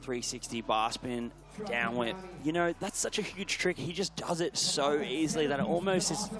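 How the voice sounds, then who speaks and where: A man giving live sports commentary, excitable and bursting into shouts when something big happens. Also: fairly high pitch, moderate pace, over music.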